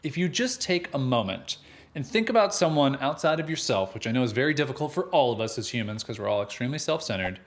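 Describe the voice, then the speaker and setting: A man's voice: mid-range voice, big pitch swings, quick pace. A young adult man co-hosting a podcast, chatting casually and ranting with emphatic humor. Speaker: podcast co-host. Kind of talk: casual chat.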